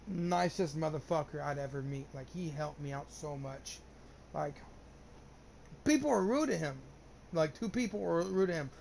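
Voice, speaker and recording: A man's voice: fairly high pitch, creaky, darkish tone, slight background noise. A young man telling a long personal story in casual chat, rambling and swearing often, with lots of restarts. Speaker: gamer streamer.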